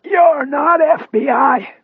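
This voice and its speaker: A man voicing a paralyzed older male ex-cop with a raspy, straining voice, crying out high and strained. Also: slow pace, no room sound, phone-quality sound, full character voice. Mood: defiant. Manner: high strained cries and shouts.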